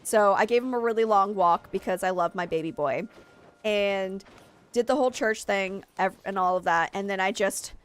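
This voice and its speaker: A woman's voice: mid-range voice, normal speed. Tired, chatty woman game streamer. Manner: rambling and chatty, with frequent fillers. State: tired and sleep-deprived. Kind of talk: casual chat while streaming gameplay.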